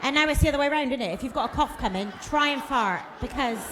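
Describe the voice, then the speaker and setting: In a comedy club room with a noisy background, a Plymouth comedian in her 40s performs bawdy stand-up, laughing at her own material and quizzing the audience in chatty fashion. Her voice is high and expressive, and she talks fast.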